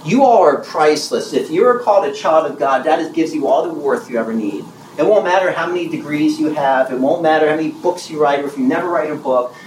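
A man in his sixties preaching a sermon with emphasis, asking the audience questions and repeating key phrases slowly. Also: a little high, expressive, roomy sound, noisy background. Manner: asks the audience questions and answers them.

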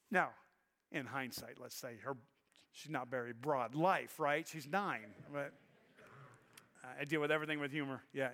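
A man's voice: sits high, sharp tone, smooth, long reverb tail. A middle-aged man preaching a sermon as pastor, telling a personal story in an earnest, emotional way with frequent restarts. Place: church sanctuary.

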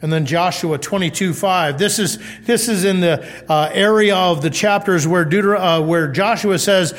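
Male pastor, high voice, chatty animated sermon, long hall reverb. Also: moderate pace. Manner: conversational, animated, reads scripture aloud.

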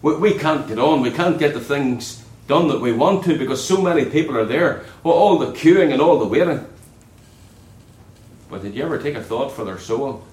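A man preaching a sermon in an earnest way, dropping low and soft on key words. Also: animated, moderate pace, roomy sound, poor audio.

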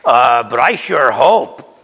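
A man's voice: medium pitch, sing-song, slow, a bit bright, breathy edge, big-room sound. A man preaching a sermon as pastor, conversational and emphatic, often checking in with his listeners.

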